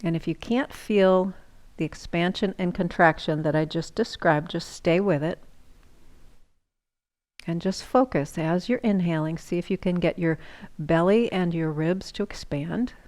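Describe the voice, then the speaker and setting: A woman yoga instructor giving calm, slow breathing cues, sometimes dropping into a whisper. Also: lowish voice.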